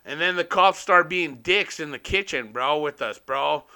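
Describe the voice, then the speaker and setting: Young guy, slightly high voice, crisp and bright; loose, profane, rambling party-story delivery. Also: moderate pace. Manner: swears constantly, rambling, laughs at his own story.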